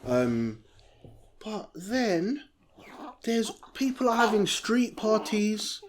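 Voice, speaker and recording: A man's voice: sits high, sing-song, extremely slow, a little hiss or hum. A man, co-hosting a casual chat podcast and rambling with lots of "you know, like.". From England. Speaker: podcast co-host.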